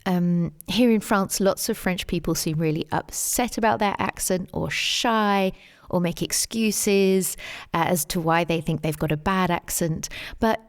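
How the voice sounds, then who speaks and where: Woman with a London English accent. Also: fairly low pitch. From England. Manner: measured, many "um" and "you know" fillers. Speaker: guest, English teacher and tour guide. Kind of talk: interview answers.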